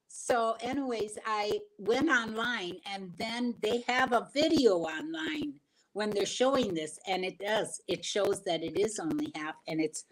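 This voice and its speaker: A woman's voice: mid-range voice, fairly bright tone, low-quality recording. Folksy older woman telling a rambling story. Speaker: regular guest co-host. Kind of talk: casual livestream chat.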